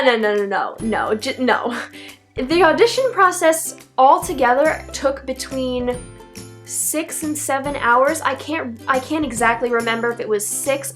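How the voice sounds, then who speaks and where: Chatty teenage girl, bright voice. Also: sits high, normal speed, soft background music. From Philadelphia area, USA. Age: teens. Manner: chatty, rambling, frequent "like" and self-corrections. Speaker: vlogger. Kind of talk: casual advice vlog.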